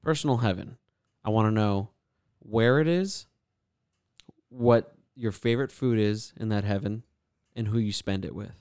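A young man hosting a casual podcast chat, relaxed and rambling with lots of fillers. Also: lowish voice, moderate pace, clean tone, no room sound, clean studio sound. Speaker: podcast host.

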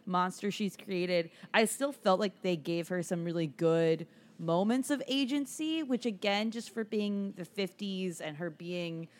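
A woman's voice: on the low side, a little slow. A woman co-hosting a film podcast, talking casually with lots of "like" and "um.". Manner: chatty, heavy use of filler words. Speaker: podcast co-host.

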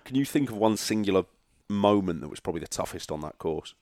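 A man hosts the show with a very deep voice and trades jokey, profane banter with his guest. His voice sounds close and dry in a casual interview setting. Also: expressive, quick pace, a little mellow, no room sound. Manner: matey, sweary banter. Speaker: podcast host.

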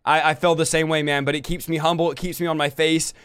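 A man hosting a podcast, speaking with affirming, quick interjections. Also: on the high side, little pitch movement, fairly bright tone, clear, resonant tone. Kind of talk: candid podcast conversation.

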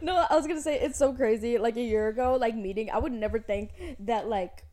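Giggly young woman, slightly high voice. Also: a little fast. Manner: relaxed, laughs often. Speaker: podcast co-host. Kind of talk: casual chat.

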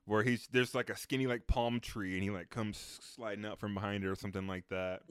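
A man hosting a casual film review podcast, animated and profane, with lots of fillers. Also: fairly low pitch, fairly quick, smooth, dry recording, studio quality. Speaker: podcast host.

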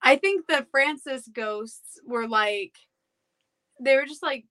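A young adult woman co-hosting a podcast, telling family stories in an animated, chatty way. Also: high voice, slow. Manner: animated storyteller. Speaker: podcast co-host. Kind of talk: casual chat.

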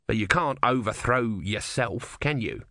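A man's voice: mid-range voice, lively intonation, a little slow, sharp tone, no echo, clean studio sound. Give me a worldly, scheming tortoise god, read by a man for an audiobook. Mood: wry. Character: small god trapped as a sardonic male tortoise.

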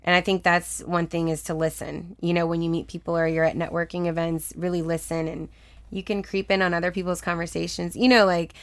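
A young woman from Texas talking casually as an interview guest, telling personal stories in a chatty, animated way, laughing often and acting out what people said. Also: fairly low pitch, a little fast, no echo. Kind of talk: casual conversational storytelling.

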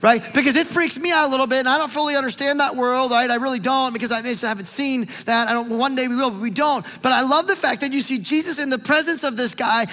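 A male pastor preaches in a lively, chatty way, his voice sitting high for a man. The sound carries a long hall reverb around it. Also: fast, few pauses. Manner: animated, conversational preaching with repeated calls to look. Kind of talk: sermon.

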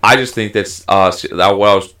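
A man's voice: fairly low pitch, brisk, bright, forceful tone. A man co-hosting a casual sports chat, talking heatedly and emphatically with lots of swearing. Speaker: podcast co-host.

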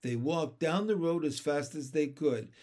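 A man reading a children's chapter book aloud in a gentle storytelling manner. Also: on the high side, unhurried. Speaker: narrator. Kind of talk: audiobook narration of a children's book.

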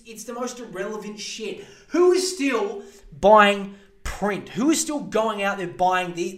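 High-voiced man ranting profanely. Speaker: podcast host. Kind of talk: solo podcast rant.

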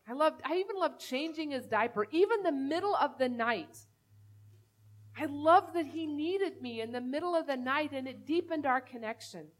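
With lively intonation at a normal pace, a female pastor delivers her sermon in a bright, high voice. Her tone is earnest and conversational, and she threads a personal story through it.

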